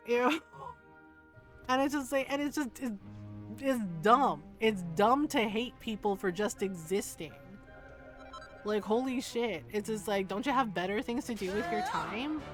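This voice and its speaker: A woman's voice: on the high side, a little slow, soft background music. A woman in her forties streaming a game, talking with her chat in a frank, heated way, swearing freely and laughing often. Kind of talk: casual livestream chat.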